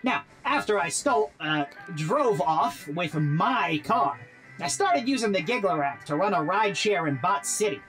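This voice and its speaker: A woman voicing a smooth-talking, crooked robot businessman in a game, breezy and self-assured. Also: on the low side, lively intonation, moderate pace, over music, lightly acted, poor audio. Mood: scheming. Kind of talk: game character dialogue.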